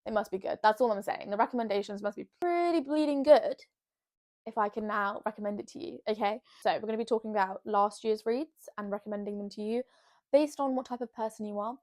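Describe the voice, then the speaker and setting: A woman's voice: mid-range voice, fairly quick, a little mellow. A young woman, chatting to camera from her bed in a bubbly, rambling, self-mocking way. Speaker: vlogger. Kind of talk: casual chat to camera. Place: bedroom, sitting on her bed.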